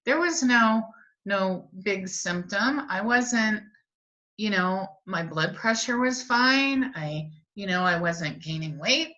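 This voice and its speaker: A woman's voice: mid-range voice, muffled recording. A middle-aged woman coaching a virtual workshop from her desk, talking with energy and acting out the voices of people she quotes. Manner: animated, acts out quotes. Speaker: wellness coach. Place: home office at a desk.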